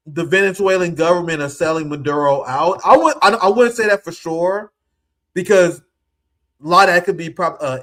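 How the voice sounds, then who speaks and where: A Midwestern American man gives emotional, exasperated political commentary live on his stream, swearing casually and close to tears. His voice is high-pitched and a bit bright.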